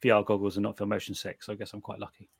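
A middle-aged British man chatting casually, telling animated stories with many restarts and the odd swear word. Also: lowish voice, rapid-fire, gravelly, breathy edge, no echo. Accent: British English. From Britain. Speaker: guest reviewer of night vision gear. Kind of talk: casual chat.

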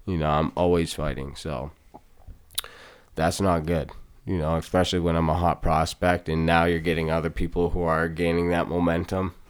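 A man, a fighter appearing as a guest, chatting casually and laid-back, swearing freely and breaking into loud laughs. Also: sits low, level tone, normal speed, smooth. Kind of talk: casual chat.

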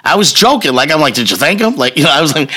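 A man telling a long personal story in casual chat, profane and animated, laughing as he goes. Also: fairly high pitch, fast talker, husky.

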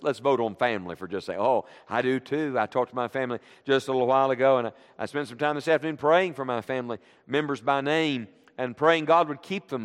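A middle-aged man preaching a sermon to a congregation, leading call-and-response with an animated delivery. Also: fairly high pitch. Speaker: guest preacher. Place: church sanctuary. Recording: long reverb of a church hall.

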